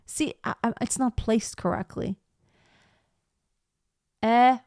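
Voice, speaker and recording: A woman teaching a live online singing lesson, explaining slowly and breaking off to sing short phrases as demonstrations. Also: mid-range voice, a little mellow, dry recording, studio quality.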